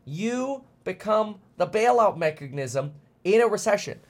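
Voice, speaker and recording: Man, finance streamer, worked-up rant, blunt, stammers and repeats, slightly high voice. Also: animated, unhurried. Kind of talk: ranting livestream commentary.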